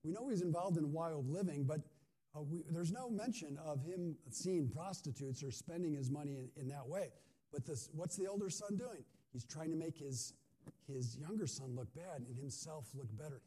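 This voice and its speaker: Mellow-voiced man preaching conversationally. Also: fairly high pitch, normal speed, husky. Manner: conversational, asks the audience questions. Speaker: pastor. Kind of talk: sermon.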